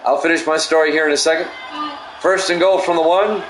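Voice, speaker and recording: A man's voice: fairly high pitch, steady tone, fairly quick, over music. A middle-aged man calling plays of a football game while telling a rambling story to his chat, laughing often. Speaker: streamer doing game commentary. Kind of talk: play-by-play commentary mixed with chatty storytelling. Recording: echoey room with background noise.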